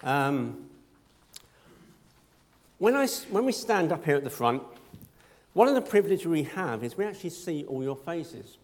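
Animated, high-voiced male preacher. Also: normal speed, pauses often. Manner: conversational, self-deprecating humor. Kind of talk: sermon.

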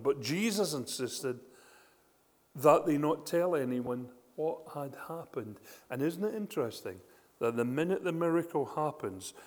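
Man, sermon, lively storytelling, rhetorical questions, hall reverb. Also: mid-range voice. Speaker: preacher.

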